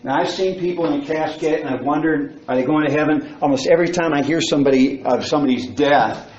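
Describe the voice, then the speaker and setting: A male preacher giving a sermon, telling a story dramatically and shouting its warnings. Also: on the high side, fast talker. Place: church sanctuary. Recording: muffled church recording with faint noise.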